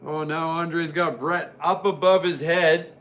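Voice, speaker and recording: A man's voice: on the high side, fairly even intonation, unhurried, fairly bright tone. A man casually commenting on old wrestling as he watches, rambling and joking. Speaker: wrestling reviewer.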